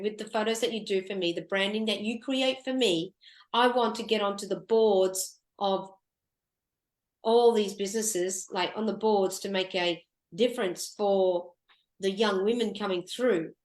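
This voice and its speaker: A woman recounts a moving story as a radio show guest, her speech halting and full of restarts as emotion takes over. Her voice sits at a middle pitch and carries a roomy echo. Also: steady tone. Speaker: guest, photographer.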